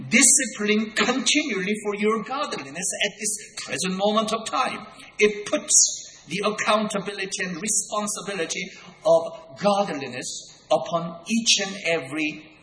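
A man preaching a sermon in a deliberate, emphatic way, repeating key words for weight. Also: sits high, lively intonation, pushed and bright, a little hiss or hum. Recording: echoey hall with long reverb.

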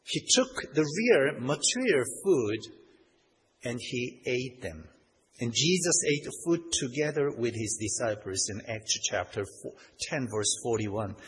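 A man's voice: very animated, a little slow, fairly bright tone, slightly rough. A man preaching a sermon, reading scripture aloud and punching key points with rising force. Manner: emphatic, rises in pitch and volume on key points; reads scripture in old-fashioned wording. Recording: long hall reverb, faint background noise.

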